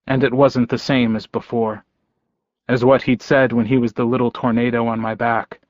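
A man reading a first-person audiobook in an unhurried, measured manner. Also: medium pitch, little pitch movement, no room sound, highs cut off. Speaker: audiobook narrator.

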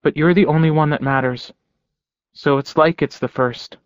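A male narrator voicing an earnest young man who speaks softly and pleadingly. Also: on the high side, fairly even intonation, moderate pace, clear, resonant tone, no echo, pitched above the performer's own voice, natural voice. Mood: shy. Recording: dull, dry lo-fi recording.

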